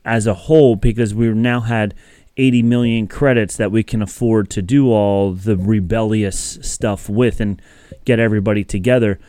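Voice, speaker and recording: Rambly podcast host guy, chatty, smooth clean voice, dry close mic. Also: medium pitch, a little mellow, no room sound. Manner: rambling, chatty, laughs often. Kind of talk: casual podcast chat.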